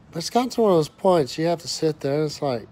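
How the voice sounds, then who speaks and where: A fired-up man in his thirties rants to camera, his voice pitched high for a man. He swears constantly, doubles back and restarts his words, and keeps the heat of a worker venting. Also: darkish tone. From West Texas. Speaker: oil and gas worker vlogger. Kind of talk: angry profane rant to camera.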